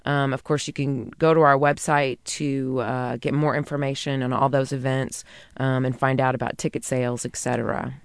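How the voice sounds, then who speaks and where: Woman co-host, a touch hoarse yet smooth, lively storyteller, dry studio sound. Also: rumbling low, normal speed, no room sound. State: a little hoarse. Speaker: radio garden show co-host. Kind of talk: casual chat.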